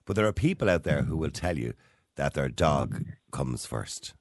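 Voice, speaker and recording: A man's voice: a bass voice, expressive, normal speed, no echo, studio quality. An Irish man hosting a casual radio chat, playful and jokey, slipping into sung snippets. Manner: playful, jokey, sings snippets and breaks into bits. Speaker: radio host.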